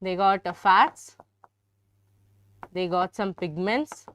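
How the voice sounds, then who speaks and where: A woman's voice: mid-range voice, slow pace, fairly bright tone, a little hiss or hum. Chatty Indian woman teaching biology. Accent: Indian English. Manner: chatty, teasing, addresses students often. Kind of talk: live online biology lesson.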